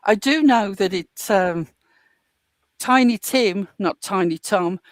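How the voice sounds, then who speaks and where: A woman from the English Midlands with a slightly softened Midlands accent, chatting as a co-host in a dry, sarcastic, mock-indignant way. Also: medium pitch, slow, dry recording. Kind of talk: casual podcast chat.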